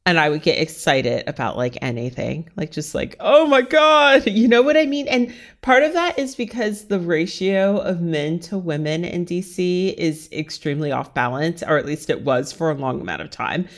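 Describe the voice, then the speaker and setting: A woman from the Washington, D.C. area speaks as a guest in an interview, in a slightly low voice. She talks openly and casually about her own life and fills her sentences with "like.". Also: animated, normal speed, hardly any pauses. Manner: frank, chatty, heavy use of "like". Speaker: interview guest, writer and stylist. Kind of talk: candid personal interview conversation.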